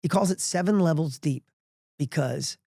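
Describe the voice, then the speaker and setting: A middle-aged man telling a personal story as a podcast guest, energetic and emphatic, often restarting his sentences. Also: on the high side, normal speed, gravelly, no echo, clean studio sound.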